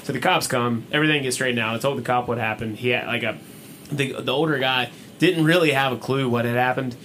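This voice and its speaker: A young man, co-hosting a podcast and telling a story in a casual, animated way. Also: mid-range voice, slight background noise. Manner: fast, animated storytelling with acted-out quotes. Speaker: podcast co-host.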